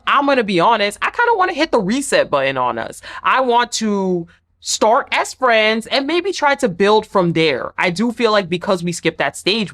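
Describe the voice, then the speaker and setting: A woman giving a casual, emphatic recap of a reality show episode, acting out the people she quotes. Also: on the high side. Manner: animated, emphatic, acts out quotes. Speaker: recap vlogger.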